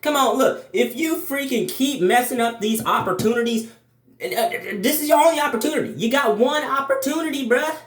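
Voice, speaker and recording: A man voicing a pushy devil on his shoulder, loud and high. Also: lively intonation, normal speed, echoey room.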